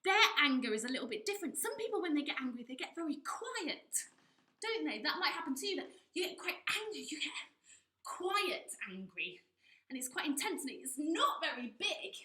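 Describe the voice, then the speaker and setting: Lively high-voiced woman leading a kids' drama lesson. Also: normal speed, roomy sound. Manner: encouraging, talks directly to children, acts out anger levels. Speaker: drama teacher.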